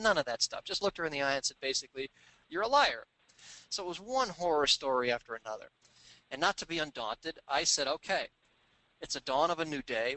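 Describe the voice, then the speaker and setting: A man telling a sales anecdote in an animated, conversational way, acting out the people he quotes. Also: medium pitch, dry recording, low-quality recording. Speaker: sales trainer telling a story. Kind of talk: storytelling business talk.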